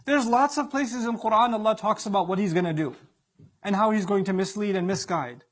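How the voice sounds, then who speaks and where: A man's voice: high-pitched, brisk. A man preaching a sermon with emphatic delivery, acting out the voices he quotes.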